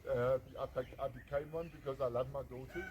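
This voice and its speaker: A South African man in his 40s, founder of a rehab centre, gives an earnest, emphatic personal testimony, repeating phrases for effect. His medium-pitched voice is steady and fairly quick against a noisy background.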